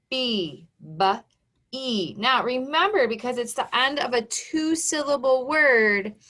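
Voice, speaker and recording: Casting: woman teacher for an early phonics lesson, unhurried and encouraging, spelling words out letter by letter. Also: mid-range voice, sharp tone. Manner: slow, patient, encouraging, sounds out letters and syllables. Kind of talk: online phonics lesson for young children. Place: home.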